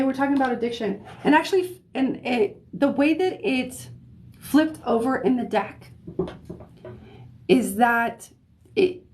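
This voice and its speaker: On a livestream captured through a phone or desk microphone, a fairly high-pitched woman works as a psychic reader giving tarot readings. Her manner is relaxed and talkative, with frequent "okay?" check-ins and gentle laughter between phrases.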